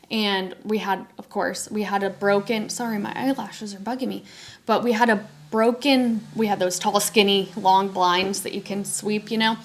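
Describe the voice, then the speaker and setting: A young woman hosting a podcast, telling a personal story casually and acting out the voices of people she quotes. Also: mid-range voice. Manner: animated, acts out quoted voices. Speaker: podcast host.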